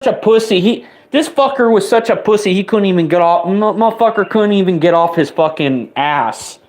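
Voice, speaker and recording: A man's voice: high-pitched, expressive. Young man ranting with heated profanity. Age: 20s. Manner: heated, rapid-fire swearing, voice spiking up when riled. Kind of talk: angry profane rant to the camera.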